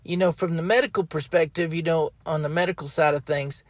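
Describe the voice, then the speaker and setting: A man's voice: fairly high pitch, fairly even intonation, fairly quick, no room sound. A man hosting a podcast in a casual, folksy, rambling monologue, often repeating his phrases, talking from up in a tree outdoors. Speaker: podcast host.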